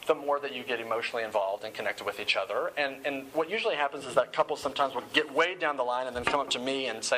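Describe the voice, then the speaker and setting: A man's voice: medium pitch, fast, bright, forceful tone, slight background noise, rough recording. A man giving a sermon-style talk, often repeating words as he starts phrases.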